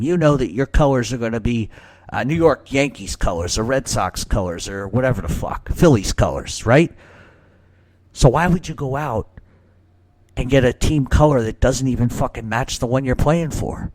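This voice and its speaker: A man's voice: medium pitch, darkish tone, no echo. Profane ranting man hosting a talk show. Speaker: mob talk show host.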